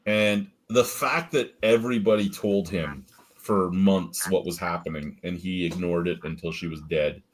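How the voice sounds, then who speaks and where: A man's voice: deep voice, moderate pace, slight background noise. A man hosting a casual podcast chat, telling profane, laughing stories about old coworkers. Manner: storytelling with profane, laughing asides. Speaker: podcast host.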